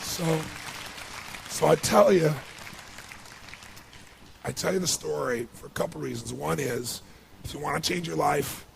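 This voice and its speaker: Middle-aged guy giving a motivational talk, super gravelly voice, gets loud and animated telling stories. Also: a little high, a little slow, pauses often, some chatter behind, slight background noise. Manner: animated, emotional storytelling with rising bursts of intensity. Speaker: motivational speaker. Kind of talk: motivational speech with personal storytelling.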